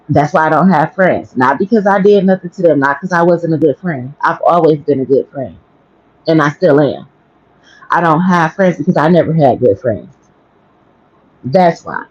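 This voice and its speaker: A woman's voice: sits low, moderate pace, pauses often, a little mellow, slightly rough, no room sound. A woman tells a story on her livestream in a blunt, profane way. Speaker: livestream host. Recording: dry, dull lo-fi stream audio.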